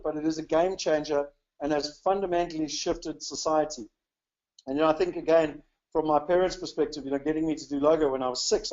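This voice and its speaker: A man's voice: on the high side, a little mellow. Upbeat South African man, lo-fi webinar. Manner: chatty and upbeat, many "you know" fillers. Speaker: webinar presenter. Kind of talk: casual webinar talk.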